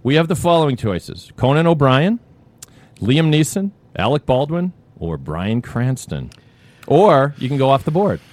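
Lively, joking male podcast host. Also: unhurried. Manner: joking, laughs often, lively pitch. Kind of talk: casual chat.

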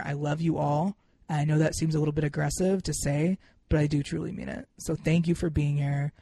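A young man hosting a podcast in a casual monologue, emphatic and heartfelt, swearing freely and swinging into excited bursts. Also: a little high, gravelly, no echo. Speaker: podcast host.

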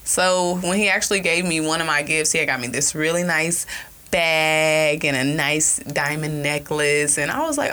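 A woman chatting casually on a podcast, telling a story in an animated way, laughing often and swearing freely. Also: low-pitched, moderate pace. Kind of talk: casual chat.

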